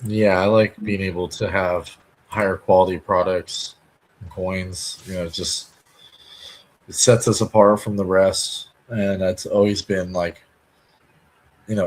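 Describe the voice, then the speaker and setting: Low-voiced american dude on a coin podcast, says like and you know a lot. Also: male voice, level tone, unhurried, low-quality recording. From United States. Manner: loose, filler-heavy, lots of "like" and "you know". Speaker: coin dealer podcast co-host. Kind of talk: casual shop talk podcast.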